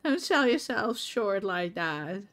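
A woman's voice: mid-range voice, sing-song, slow pace, a bit bright. A woman streaming a game, chatting casually with her viewers by name and laughing often. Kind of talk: casual live-stream chat while gaming.

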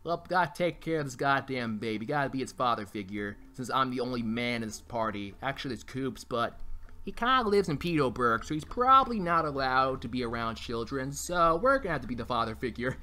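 A man's voice: mid-range voice, expressive, fairly quick, sharp tone. A man playing a video game for the first time and commenting, crude and joking, swearing and taunting enemies. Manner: crude, joking, trash-talking, swears a lot; mock-taunts enemies in bursts. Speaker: let's play gamer. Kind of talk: blind playthrough commentary. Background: faint game music.

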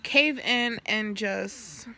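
A young woman with a bright, forward voice and a gravelly fry at the ends of her phrases tells her story in a casual vlog. She is recovering after surgery, stops to burp now and then, swears freely and plays out the lines of everyone she quotes. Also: medium pitch, extremely slow. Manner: candid, swears freely, acts out quoted dialogue. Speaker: vlogger.

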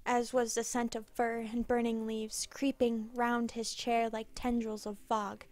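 A woman narrating a scripted story in a measured, dramatic reading. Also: fairly high pitch, flat delivery, darkish tone, no room sound.

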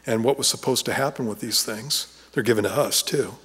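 Conversational pastor in a reverberant hall. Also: male voice, mid-range voice, fairly quick, bright, forceful tone, husky. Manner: conversational, with restarts and rising animation when retelling scenes. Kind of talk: sermon. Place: church sanctuary.

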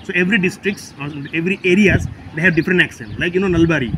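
A man's voice: high-pitched, racing, background noise. A man with an Assamese accent teaching his daughter, patiently explaining and quizzing her word by word in a casual home lesson. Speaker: language teacher, channel host.

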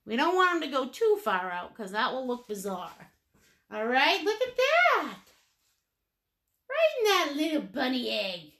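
A woman's voice: high voice, very animated, moderate pace, a bit bright. A woman teaching a live painting lesson step by step, playful and chatty, with sing-song asides. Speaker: painting instructor.

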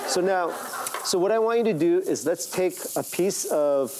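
A man's voice: high-pitched, lively intonation, moderate pace, background noise. A man as a guest chef on a daytime talk show, walking the hosts through a cooking demo and checking in with "right?" and "okay?" as he goes. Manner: explaining steps with many "right?" and "okay?" checks. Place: TV studio kitchen.

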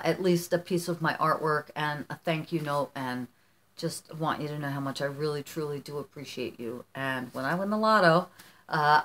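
A middle-aged woman vlogger from the United States talks casually and warmly to her viewers. Her voice sits a little low for a woman. She gushes and rambles, often restarting her sentences as she goes. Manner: gushing, effusive, rambling with restarts. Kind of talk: casual chat opening fan mail.

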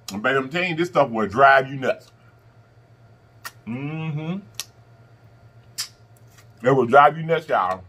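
A middle-aged man chats straight to his viewers while he eats. His voice is bright and fairly high for a man, and he keeps it affectionate and a little preachy, calling everyone "baby" and "y'all". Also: breathy edge. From Southern United States. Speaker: mukbang vlogger. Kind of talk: casual talk to camera while eating.

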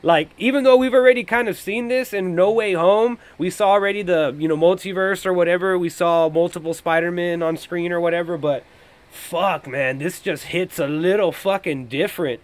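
A man hosting a podcast, reacting casually to a movie trailer. He thinks out loud, gets excitable and swears constantly. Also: high voice, moderate pace. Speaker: podcast host.

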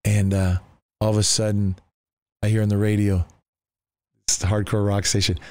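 A pastor telling his conversion testimony as a guest, animated, with many restarts and acted-out voices. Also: lowish voice, moderate pace, no room sound, clean studio sound. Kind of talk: storytelling testimony.

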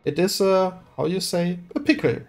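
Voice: medium pitch, expressive, normal speed, darkish tone, faint music behind, lightly acted. A streamer reading game dialogue aloud and voicing a pompous, flamboyant rich merchant with grand, theatrical delivery. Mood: grandiose.

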